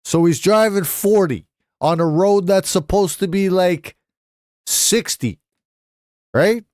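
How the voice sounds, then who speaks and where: A young adult man tells stories casually on a live stream, swearing freely and slipping into voices when quoting people. His voice is high-pitched, slow and darkish, captured as clean studio sound with no echo.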